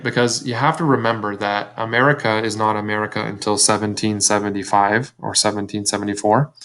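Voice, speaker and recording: A man's voice: on the low side, fairly bright tone. A male teacher giving a recorded history video lesson to seventh graders in a conversational way, often speaking straight to the students and correcting himself. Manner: conversational, self-correcting, addresses students directly.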